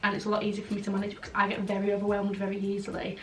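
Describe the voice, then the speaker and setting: Rapid-fire and monotone, a young woman's mid-range voice carries a casual vlog Q&A where she answers bluntly with lots of "like" fillers. The audio is roomy and slightly distant, with faint background noise.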